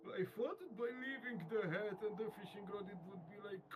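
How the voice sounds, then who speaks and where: A man's voice: sits high, a little fast, noisy background. A man playing a tabletop game, joking sarcastically and swearing freely. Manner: sarcastic, profane. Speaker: player.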